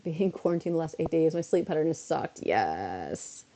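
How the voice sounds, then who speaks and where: A woman's voice: sits low, sing-song, moderate pace, mellow, a little hiss or hum. A woman streaming from home and chatting casually while she plays, ranting with exasperated asides and sounding a bit unwell. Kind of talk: casual live-stream chat while gaming.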